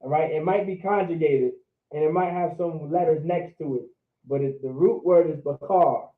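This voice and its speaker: A man teaches vocabulary in a relaxed, informal way, drawing words out and repeating them. His voice sits a little high. The sound is tinny like a phone line and echoes in the room. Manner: drawn-out repetition of words, informal. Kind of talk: casual online language lesson.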